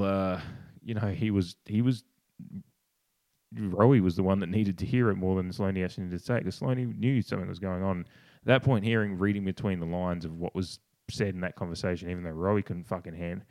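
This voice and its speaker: Aussie bloke ranting on a podcast, deep voice, swears a lot, dry close sound. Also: male voice, a little mellow, no echo. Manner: passionate, swears, restarts and mimics others in a higher voice. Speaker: podcast co-host. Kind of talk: casual opinionated podcast talk.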